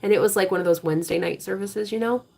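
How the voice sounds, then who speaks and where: A woman hosting a live tarot reading stream, talking bluntly with a lot of profanity and turning preachy and forceful when she drives a point home. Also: medium pitch, quick pace, vocal fry. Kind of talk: casual live-stream talk.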